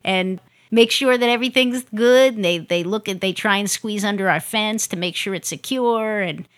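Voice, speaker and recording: A woman casually telling a story on a podcast, animated and acting out other people's lines. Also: medium pitch, moderate pace. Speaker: podcast co-host.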